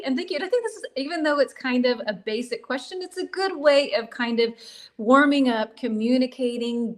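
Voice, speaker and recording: An American woman hosting a live English lesson, chatting warmly with viewers and greeting them by name. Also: high-pitched. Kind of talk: live-stream lesson, reading chat comments.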